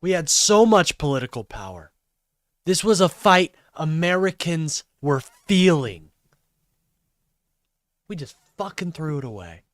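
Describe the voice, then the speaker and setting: A man's voice: on the high side, big pitch swings, unhurried, long pauses, dry recording, studio quality. A man live streaming commentary, ranting and swearing in exasperation.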